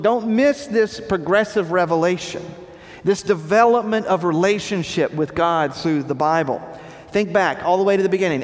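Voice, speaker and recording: A man preaching a sermon with emphatic, repeated phrases, his voice dropping low at the ends of lines. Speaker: pastor. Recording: long reverb of a large hall.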